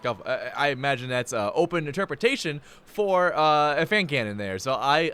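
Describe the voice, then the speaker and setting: A man's voice: a little high, big pitch swings, moderate pace, hardly any pauses, sharp tone, smooth. A young man giving live play-by-play commentary, playful and jokey, with rambling asides. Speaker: play-by-play announcer.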